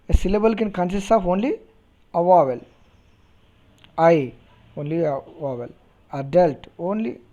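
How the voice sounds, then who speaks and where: A man teaching a phonetics lesson, repeating words and spelling them out deliberately, and checking understanding with questions. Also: sits high, mellow, poor audio. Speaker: English teacher. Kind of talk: recorded phonetics lecture.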